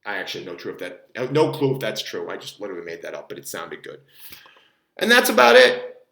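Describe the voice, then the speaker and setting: A man's voice: fairly low pitch, huge pitch swings, quick pace, creaky, bright, forceful tone, roomy sound. A man talking as a fitness coach, rambling casually and cursing now and then as he explains and demonstrates a technique. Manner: rambling, swears casually, demonstrates strained voice while bracing.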